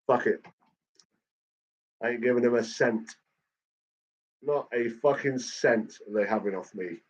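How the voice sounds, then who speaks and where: Man, casual rant, heavy swearing, mid pitch, muffled lo-fi sound. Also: unhurried. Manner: swears constantly, ranting. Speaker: channel host. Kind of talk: casual chat. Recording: dull lo-fi recording.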